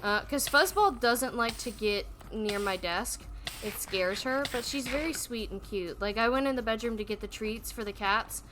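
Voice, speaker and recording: A woman's voice: fairly high pitch, moderate pace, a bit bright, slight background noise. A woman streamer chatting casually and gushing in a rambling way about her pets.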